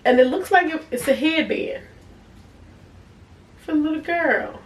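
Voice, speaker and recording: Casting note: woman, unhurried and chatty, voice set back from the mic in an echoey room. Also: sits high. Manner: chatty, talks to viewers as y'all, easy laughs. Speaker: vlogger reviewing products. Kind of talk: casual unboxing review. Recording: echoey room, a bit far from the mic, faint noise.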